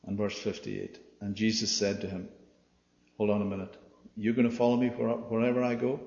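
A man preaching a sermon in an animated way, swinging from loud to hushed, acting out the quoted voices and asking the room "yeah?". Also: lowish voice, a little fast, creaky. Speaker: pastor. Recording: dull, echoey hall recording.

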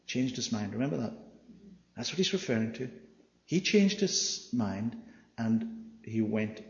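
A man preaching in a big, echoing church hall, and the sound is slightly dull. He reads scripture aloud and keeps asking the congregation questions. His voice jumps from loud to hushed. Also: lowish voice, creaky. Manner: lively, asks the congregation questions, swings from loud to quiet. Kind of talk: expository sermon reading scripture.

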